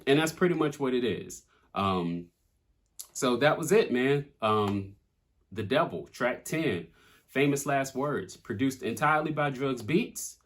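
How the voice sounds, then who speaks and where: A man's voice: mid-range voice, animated, unhurried, fairly bright tone. A young adult man, a rapper, talking candidly and casually about his own song, with plenty of swearing and fillers. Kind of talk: casual reflective talk.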